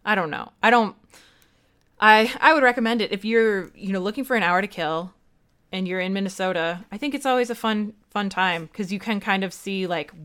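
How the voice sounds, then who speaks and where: A young woman co-hosting a podcast, talking in a chatty, animated, self-deprecating way. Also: mid-range voice, clear, resonant tone. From United States. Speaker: podcast co-host. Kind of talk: casual chat.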